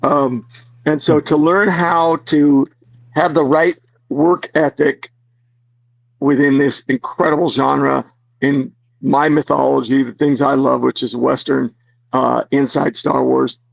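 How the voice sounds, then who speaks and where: Gravelly, husky man telling animated stories. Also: mid-range voice, slow, no echo, dull audio. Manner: animated, laughing, lots of fillers. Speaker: actor guest. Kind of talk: casual interview storytelling.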